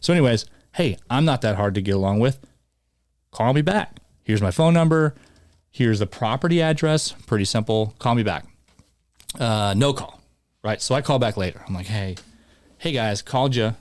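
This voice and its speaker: A man hosting a podcast, chatting casually and telling an animated, rambling story. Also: medium pitch, normal speed, dry recording. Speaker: podcast host. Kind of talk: casual chat.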